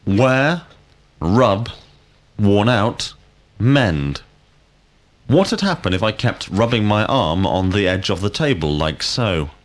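Slow, deliberate male teacher. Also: fairly low pitch, big pitch swings. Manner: slow, deliberate, clearly enunciated questions. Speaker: language teacher. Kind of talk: scripted drill lesson.

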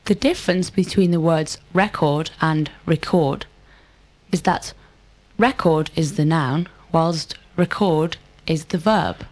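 A woman answers drill questions in careful, complete sentences. Her delivery is measured, and her voice sits slightly low for a woman. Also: a little mellow. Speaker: model student.

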